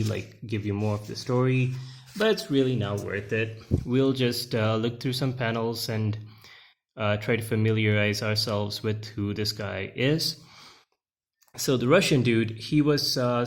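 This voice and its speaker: A man giving casual, rambling commentary while flipping through comic pages, with many fillers and restarts. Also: medium pitch. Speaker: comic book reviewer.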